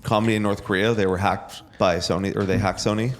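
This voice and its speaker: A man's voice: on the low side, fairly even intonation, fast talker. A man from Ontario on a comedy podcast, explaining things in a dry, matter-of-fact casual chat. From Ontario, Canada.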